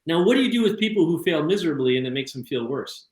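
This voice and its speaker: A male podcast host talks fast in a casual, chatty way, tripping over his own restarts and repeating words as he goes. His voice sits a little high. The sound carries a noticeable room echo. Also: sing-song. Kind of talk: casual conversation.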